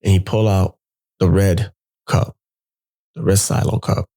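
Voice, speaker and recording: A young man telling a personal story in a casual, animated way, jumping into his friends' voices when he quotes them. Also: sits low, a little slow.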